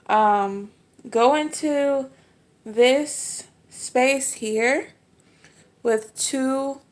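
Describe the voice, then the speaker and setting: A woman hosting a crochet tutorial, walking through each step patiently and repeating instructions slowly. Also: a little high.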